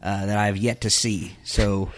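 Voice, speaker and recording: A man with a medium-pitched voice banters on a podcast, teasing his co-hosts. He keeps his talk light and chuckles often. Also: level tone, normal speed. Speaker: podcast co-host. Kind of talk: casual chat.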